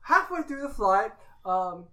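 A tipsy woman telling a long joke among friends, animated and swearing freely. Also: a little high, a little slow, a little hiss or hum. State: drunk.

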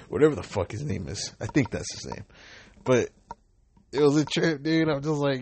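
A man's voice: on the low side, normal speed, gravelly, a little mellow, husky, no echo. A man in his twenties talking in a loose, rambling monologue full of slang and swearing. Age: 20s.

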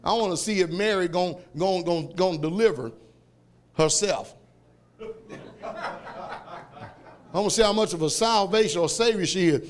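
Preacher guy, high voice, loud and rowdy, shouts a lot. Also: normal speed, pauses often. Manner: loud, shouting, laughing, animated storytelling. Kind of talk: fiery sermon.

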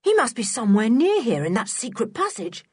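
A woman's voice: on the high side, big pitch swings, fairly quick, a little mellow, slightly rough, no echo, studio quality, voice pushed up. A woman reading a storybook, voicing a polite, sensible older boy who talks cheerfully.

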